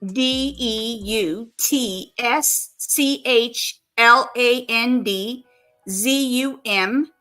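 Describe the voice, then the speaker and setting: A woman live streamer chatting casually with an AI assistant, slowly spelling out words letter by letter. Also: a little high, bright, forceful tone.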